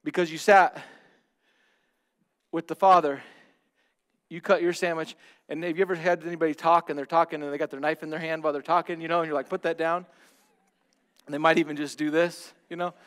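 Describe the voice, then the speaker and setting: A man preaching a sermon as pastor, speaking earnestly and directly to the congregation, swinging from loud emphatic bursts to hushed asides. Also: on the high side, flat delivery, fast talker, long pauses.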